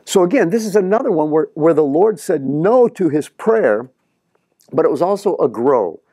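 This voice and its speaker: A middle-aged male pastor preaching a sermon in an animated way, acting out the prayers he quotes. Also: a little high, moderate pace, no room sound, studio quality.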